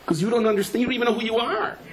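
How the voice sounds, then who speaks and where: Talking at a rapid-fire clip, this rabbi delivers a Torah lecture built around lively stories peppered with Hebrew and Yiddish words. When quoting others, he acts them out in a higher voice. The audio is poor and carries a faint hiss or hum.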